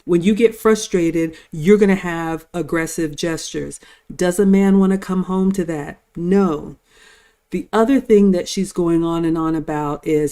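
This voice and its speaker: A woman's voice: on the low side, a little slow, mellow. Older woman giving lecturing advice. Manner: lecturing, advice-giving, addresses viewers directly. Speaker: host. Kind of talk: live-stream reaction commentary.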